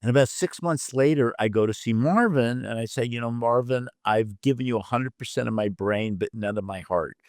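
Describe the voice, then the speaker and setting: A man's voice: medium pitch, brisk, hardly any pauses, dry recording, clean studio sound. An older man, a literary agent and producer, telling career anecdotes as an interview guest, acting out the dialogue of the people in his stories. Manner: lively storyteller who acts out quoted dialogue; loose, with fillers and restarts mid-thought.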